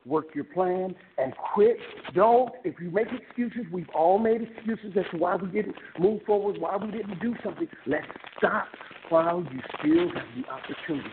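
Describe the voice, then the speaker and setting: A man giving an animated motivational talk to a university class, joking with the audience and taking questions in a lecture room. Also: high-pitched. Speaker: guest speaker. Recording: tinny phone-like recording with noise.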